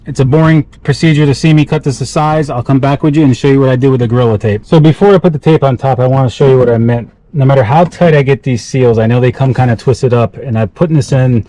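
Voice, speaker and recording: A man's voice: mid-range voice, fast talker, hardly any pauses, warm tone, dry recording, low-quality recording. Winded man talking through a gear install. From South Carolina. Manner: rambling, self-correcting, talks while working with his hands. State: out of breath. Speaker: outdoor gear vlogger. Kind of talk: casual how-to vlog.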